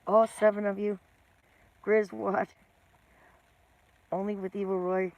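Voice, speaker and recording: Middle-aged lady live streaming, slow and chatty, says hi to everyone. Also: medium pitch, little pitch movement, a little mellow, no echo. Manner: chatty, greets viewers by name, self-teasing. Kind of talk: casual live stream chat.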